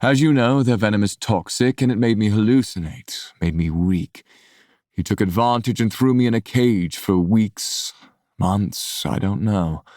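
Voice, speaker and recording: An actor playing a brooding, scarred half-god man who speaks in a low, quiet, restrained way in an audiobook. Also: normal speed, no room sound, studio quality, natural voice. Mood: somber.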